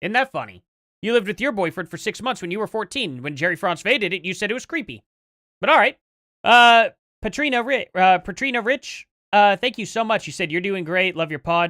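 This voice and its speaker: A livestream host fires back at clips in live reaction commentary, rebutting every claim and demanding proof. The pitch swings a lot from phrase to phrase. The voice is dry and close, with no room sound. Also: expressive, brisk, pushed and bright, dry recording.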